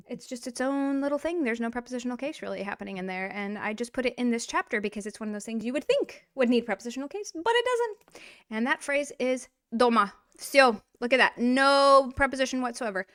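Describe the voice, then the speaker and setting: A woman teaching a casual language lesson, animated and playful, speaking straight to the learner. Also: fairly high pitch. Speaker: Russian teacher.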